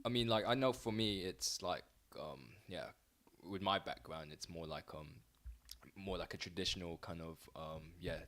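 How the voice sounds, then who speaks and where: A man's voice: low-pitched, moderate pace, fairly bright tone. A man co-hosting a casual podcast, rambling with lots of fillers and hesitations. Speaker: podcast co-host. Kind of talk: casual chat.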